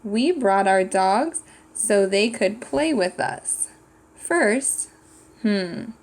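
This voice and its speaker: Speaking extremely slowly in an expressive, medium-pitched voice, a woman teaches young children a writing lesson. She patiently thinks aloud and sounds out words in a clear classroom style.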